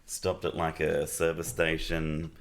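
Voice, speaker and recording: A man's voice: very deep voice, monotone, unhurried. A man co-hosting a podcast, rambling through a story in casual chat and laughing often.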